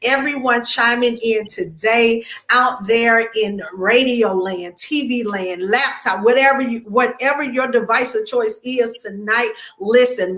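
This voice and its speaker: Excited woman hosting a live talk show. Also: on the high side, echoey room. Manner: excited, hype-building, stumbles over words.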